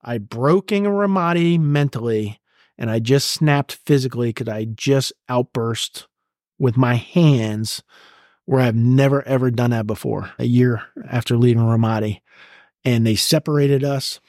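A middle-aged American man, a retired command sergeant major, is a guest in an interview, recounting his story emotionally, bluntly, and with a lot of swearing. His mid-range voice has a darkish tone and a measured pace. The recording is studio quality, with no room sound.

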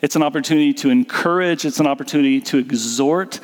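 A man's voice: fairly high pitch, quick pace. A man preaching a sermon as pastor, earnest and conversational, with fillers and restarts. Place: church sanctuary. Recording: church hall reverb with guitar music.

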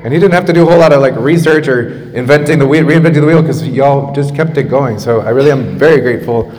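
A man's voice: mid-range voice, fast, a little mellow. A man in his thirties, a pastor, preaching a sermon casually, with asides and restarts, on a makeshift microphone in a church. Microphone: makeshift microphone after the main one broke. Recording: long church reverb.

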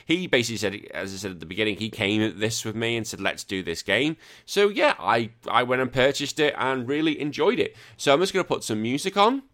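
A man's voice: mid-range voice, animated, a little fast, hardly any pauses, fairly bright tone. A man hosting a casual gaming podcast, rambling and self-correcting with a joking tone. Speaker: podcast host.

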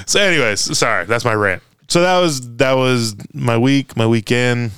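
A man with a very smooth, resonant voice chats casually on a sports talk show. He tells his story with animation, jumps into higher voices when he quotes people, and swears freely. The sound is close and dry. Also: a little slow, a bit bright, no echo. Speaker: podcast co-host. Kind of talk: casual chat.

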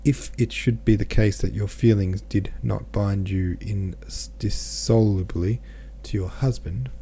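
A man voicing an aging, worried merchant father who speaks to his daughter gravely and gently. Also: fairly low pitch, steady tone, measured pace, slight background noise. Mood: grave, gentle.

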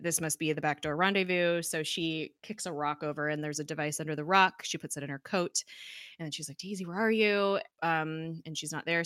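A woman co-hosting a podcast, recapping a TV episode in casual chat and acting out lines in quick quoted asides. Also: low-pitched, pushed and bright, dry recording, studio quality. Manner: recounts scenes with quick quoted asides, laughs often. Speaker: podcast co-host.

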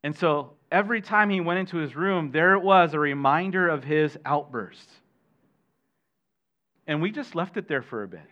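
A middle-aged man preaching a sermon as pastor, animated, questioning his listeners and adding jokey asides. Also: fairly high pitch, normal speed. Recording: dull lo-fi sermon recording.

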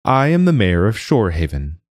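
A man's voice: wildly swooping pitch, brisk, no room sound, clean studio sound. A man voicing a pompous, anxious middle-aged town mayor who speaks in a formal, self-important tone in a storybook reading. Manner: formal and pompous, raised pitch.

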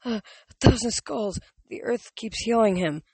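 A man voicing a panicked, delirious teenage boy in a storybook reading, crying out in shrill, frantic bursts. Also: unhurried, darkish tone, husky, dry recording, full character voice.

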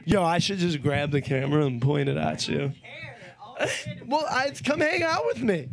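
High-voiced, rambling, profane, stoned podcast host. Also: male voice, very animated, normal speed, creaky. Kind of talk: casual chat. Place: at home.

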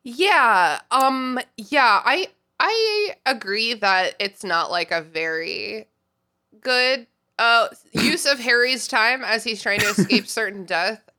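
A young woman hosts a casual podcast chat, laughing as she acts out voices in her stories. Her voice is bright and sits a little high. Her pitch swings widely as she talks. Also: animated, takes it slowly. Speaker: podcast host.

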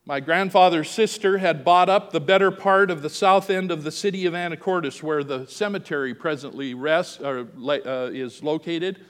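A man's voice: on the high side, normal speed, few pauses, a bit bright, clear, resonant tone, big-room sound. A man preaching a sermon, telling a family story and acting out the quoted voices. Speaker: pastor.

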